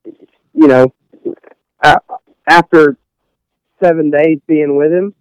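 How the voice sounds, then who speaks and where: Young man, smooth rambling voice. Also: a little high, fairly even intonation, takes it slowly, no room sound, dull audio. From Texas. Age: young adult. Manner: rambling, many fillers and restarts. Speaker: guest, college golfer. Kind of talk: casual interview chat.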